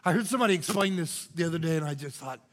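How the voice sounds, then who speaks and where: An older man preaching a sermon as pastor, moving from loud cries to hushed whispers. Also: a little high, expressive, racing. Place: church sanctuary. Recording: church hall reverb.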